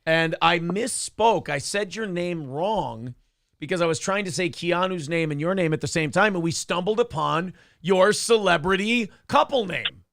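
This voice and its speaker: A man in his late thirties hosting a morning talk show, rambling with halting restarts. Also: high-pitched, creaky, a bit bright, no echo, clean studio sound. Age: 30s. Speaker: show host. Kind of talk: casual chat.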